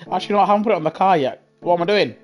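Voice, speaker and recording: A man chatting casually on a gaming live stream through a headset, effusive and excitable as he gushes at his viewers. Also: high-pitched, very fast, soft background music. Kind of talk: casual live-stream chat while racing.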